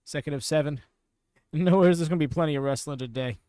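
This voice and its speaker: A man hosts a live reaction stream, chatting loosely and replying to viewers as he goes. His voice sits a little high and comes through smooth and clear. The sound is dry and close, with almost no room echo. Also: fast talker, dark tone. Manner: chatty, reads and answers chat viewers by name. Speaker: watchalong host.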